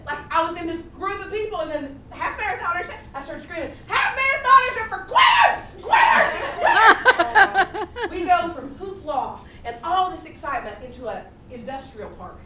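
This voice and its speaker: Woman telling a funny story, giggly and animated, far from the mic with noise behind. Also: sits high. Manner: animated, laughing while she talks. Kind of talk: comic storytelling to a live audience. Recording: echoey room from far off, noisy.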